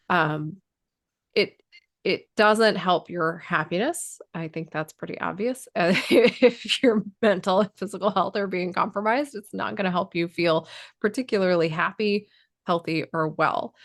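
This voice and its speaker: A woman co-hosting a podcast in casual chat, explaining in a measured way with frequent ums. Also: lowish voice. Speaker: podcast co-host.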